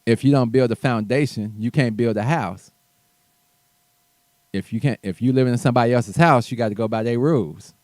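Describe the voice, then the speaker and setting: A man's voice: mid-range voice, moderate pace, darkish tone, no echo. A man hosting his own show, ranting bluntly and profanely in a heated commentary monologue with mocking asides. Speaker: show host.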